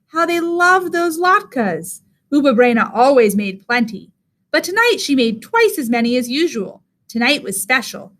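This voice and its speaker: A woman teacher reads a children's picture book aloud in an expressive storytelling voice. She sits a little high and her pitch rises and falls a great deal, in a lively, singsong way. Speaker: teacher reading to young children.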